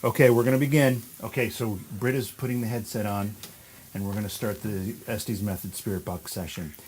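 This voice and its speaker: Low-voiced man hosting a ghost hunt. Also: steady tone, a little mellow, a little hiss or hum, rough recording. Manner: slow, deliberate questions to the spirits. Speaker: paranormal investigator host. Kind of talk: live ghost hunt narration and spirit questioning.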